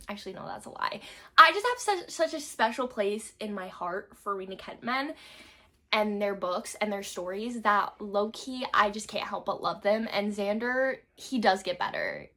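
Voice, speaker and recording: Young woman, casual book chat, gushy, laughs a lot, swears, mid-pitched. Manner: gushing, swears often, many likes; breaks into laughs, swings loud and soft. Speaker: book reviewer.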